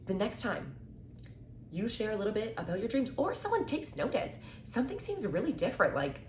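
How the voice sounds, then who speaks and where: A woman in her twenties giving casual motivational talk to camera, chatty and upbeat, acting out quick little exchanges and saying "like" and "right?" a lot. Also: mid-range voice, sing-song, slight background noise. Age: 20s. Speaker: mindset content creator. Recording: echoey room with faint ambience.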